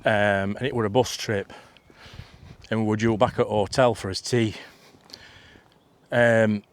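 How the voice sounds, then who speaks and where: Man in his fifties, lowish voice, rambling casual vlog storytelling, outdoors. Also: steady tone, measured pace, clean tone. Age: 50s. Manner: rambling, chatty, full of restarts and asides. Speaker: vlogger. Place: outdoors in a field.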